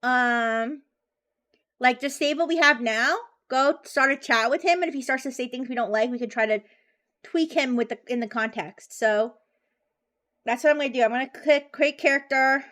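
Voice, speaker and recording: High-voiced bubbly woman streamer. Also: moderate pace, a bit bright. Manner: chatty and bubbly, with frequent giggles and restarts. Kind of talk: casual live-stream chat.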